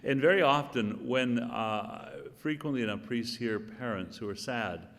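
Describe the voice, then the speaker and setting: A man's voice: medium pitch, measured pace, fairly bright tone. Older man, cardinal, informal address, wry humor, reflective, long hall reverb. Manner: reflective, with dry humorous asides. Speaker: cardinal giving opening remarks. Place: church hall or chapel setting.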